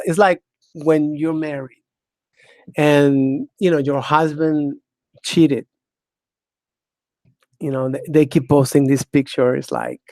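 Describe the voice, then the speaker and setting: A woman's voice: sits low, a little mellow, no echo. A woman hosting her own talk show, delivering a blunt, sardonic monologue, cursing freely and laughing often. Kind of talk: casual monologue.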